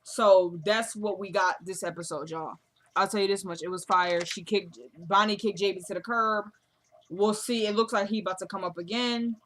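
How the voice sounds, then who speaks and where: A woman's voice: medium pitch, steady tone, normal speed, a bit bright. A young woman, chatting casually as she recaps a TV episode and retells the dialogue. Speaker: recap vlogger.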